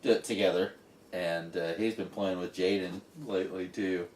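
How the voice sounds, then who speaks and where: A man's voice: low voice, fairly even intonation, normal speed, a little mellow. A man hosting a podcast, chatting loosely about games, swearing and laughing often. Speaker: podcast host. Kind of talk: casual chat. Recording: roomy, distant mic, faint noise.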